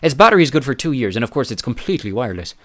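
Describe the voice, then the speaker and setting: A man's voice: mid-range voice, sing-song, racing, a bit bright. A man doing a haughty teenage boy genius. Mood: cool, haughty. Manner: precise, haughty. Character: arrogant teenage boy genius, precise and cool.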